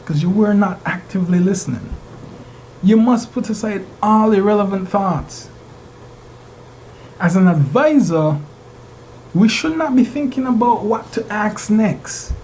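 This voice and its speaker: A man's voice: sits high, expressive, a little slow, long pauses, a little mellow, a little hiss or hum, poor audio. A man teaching a class, lecturing and regularly putting rhetorical questions to his students. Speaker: instructor.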